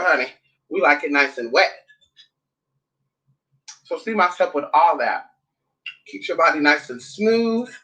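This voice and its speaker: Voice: medium pitch, bright, forceful tone, dull audio. A vlogger talking in a sassy, blunt, casual way, swearing often and calling listeners honey and girl. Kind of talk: casual chat vlog.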